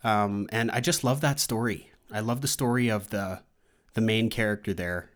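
Rambling man chatting casually, lowish voice. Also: normal speed. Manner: rambling, loose, many fillers and restarts. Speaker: movie podcast host. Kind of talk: casual solo chat.

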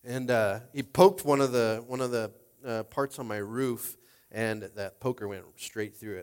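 A man's voice: medium pitch, steady tone, measured pace, a little mellow, clean tone. Casual guy preaching a sermon, kinda teary, lots of ums and uhs, chatty and loose, regular voice, middle-aged. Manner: casual, emotional, rambling with many fillers. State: tearful. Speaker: pastor.

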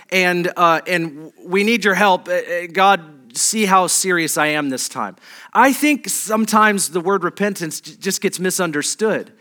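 A man's voice: sits high, bright, forceful tone. A middle-aged man preaching a sermon as pastor, conversational and humorous, with restarts and asides to the congregation.

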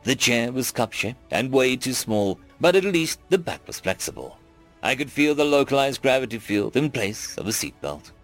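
A man narrating a first-person science fiction story in a wry, expressive way. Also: mid-range voice, normal speed, faint music behind. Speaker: audiobook narrator.

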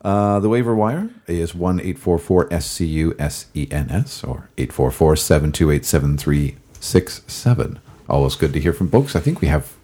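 Male podcast host, very low, husky and gravelly, rambly casual delivery. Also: lively intonation, normal speed, mellow. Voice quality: gravelly, recovering voice. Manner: rambling, many fillers and self-corrections. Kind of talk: casual hockey podcast chat.

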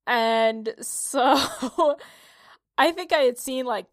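A woman's voice: sits high, very slow, no room sound, studio quality. A woman from upstate New York co-hosting a podcast, telling rambling stories with lots of laughs. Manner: giggly, rambling storyteller. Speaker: podcast co-host. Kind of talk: casual chat.

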